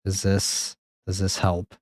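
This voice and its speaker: A man streaming a game live, rambling and joking with chat, swearing now and then, with sudden high-pitched exclamations. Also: completely flat delivery, slow pace, dry recording, clean studio sound. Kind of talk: live gameplay commentary.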